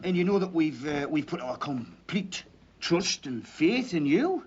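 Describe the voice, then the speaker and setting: An actor playing a protective workmate who warns a colleague, mock-stern, in a TV drama. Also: male voice, a little high, sing-song, a little slow, husky, heavily acted. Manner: mock-stern, threatening in jest. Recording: muffled old TV soundtrack with faint hiss.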